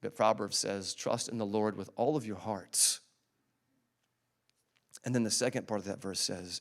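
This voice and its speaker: A man preaching a sermon in a conversational way, slowing down to stress scripture and asking the congregation to repeat after him. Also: fairly low pitch, steady tone, vocal fry. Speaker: pastor. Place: church service.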